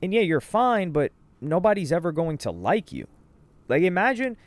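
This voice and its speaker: A man's voice: high voice, very animated, moderate pace, no echo. A young man co-hosting a casual reaction show, telling the backstory in loose slang with lots of asides. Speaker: co-host reacting to streamer clips.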